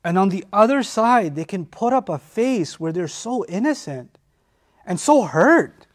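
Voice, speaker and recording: A middle-aged man giving a lecture on scripture, animated, often acting out the voices of the people in the story. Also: high-pitched, normal speed. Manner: animated, acts out quoted voices. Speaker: Quran teacher.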